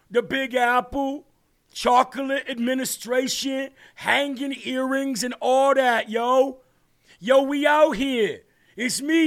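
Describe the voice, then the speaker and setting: A man putting on a loud, slangy drawl as a swaggering big-city mayor. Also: very high-pitched, exaggerated voice.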